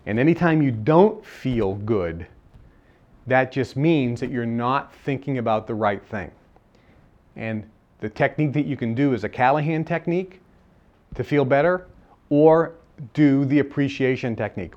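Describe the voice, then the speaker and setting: A man's voice: mid-range voice, measured pace, highs cut off. A man giving a live seminar lecture, emphatic and repeating his key phrases, sometimes acting out bits of dialogue. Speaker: seminar speaker.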